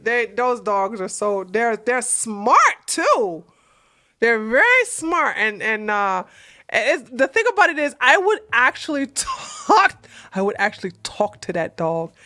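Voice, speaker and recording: A woman's voice: mid-range voice, sharp tone, no room sound. A woman hosting a livestream, chatting casually in a rambling way, laughing often and answering viewer comments. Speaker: livestream host.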